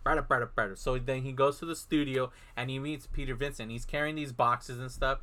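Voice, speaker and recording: A man's voice: medium pitch, fairly even intonation, fairly quick, fairly bright tone. A man co-hosting a podcast, casually recapping a film and acting out the characters' lines as he goes. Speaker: podcast co-host.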